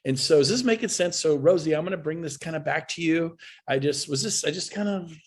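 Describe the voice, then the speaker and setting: Middle-aged male speaker with a rough, husky tone, delivering a punchy, repetitive pep talk over a video call. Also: a little high, fairly quick. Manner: energetic, folksy, emphatic, with repeated phrases. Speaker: guest speaker at a real estate webinar. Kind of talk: motivational talk.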